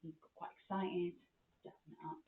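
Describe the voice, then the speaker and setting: A woman's voice: fairly low pitch, moderate pace. A woman hosting a podcast, telling comic stories in a frank, sweary way. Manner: frank and sweary, with animated retelling. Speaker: podcast host. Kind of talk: comic storytelling monologue. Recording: echoey, tinny phone-like sound.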